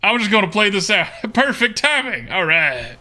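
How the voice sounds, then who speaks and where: Lively, bright-voiced man musing through gameplay. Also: sits high, normal speed. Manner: thinks aloud with murmured hmms and repeated okays. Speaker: streamer playing a card game. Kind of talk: casual live gameplay commentary.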